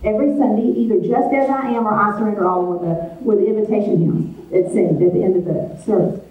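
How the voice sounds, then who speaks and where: A woman's voice: medium pitch, fast. Middle-aged woman, earnest testimony sermon, storytelling, distant mic, echoey hall, narrow phone-like sound. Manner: earnest storytelling, acting out her own replies. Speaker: retreat speaker. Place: large meeting hall.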